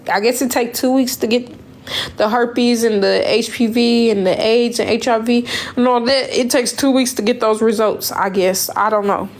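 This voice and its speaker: A woman's voice: on the high side, fairly even intonation, moderate pace. A young woman, talking casually and emotionally in a storytime vlog, rambling and repeating her words. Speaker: vlogger.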